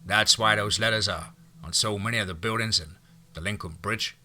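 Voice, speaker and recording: A man voicing an earnest, slow-witted young man in an audiobook, talking quietly and puzzled. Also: lowish voice, slight background noise.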